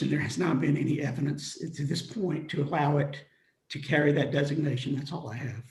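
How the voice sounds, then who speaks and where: A man giving an emotional, halting closing statement at a hearing. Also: a little high, gravelly, a little mellow. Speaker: attorney at a hearing. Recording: echoey room.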